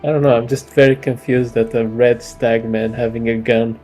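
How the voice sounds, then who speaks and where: A man chats casually as a player in a tabletop game, making plain, puzzled remarks at a middling pitch. His voice is mellow and warm, with faint music in the background. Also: level tone, moderate pace. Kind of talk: casual chat.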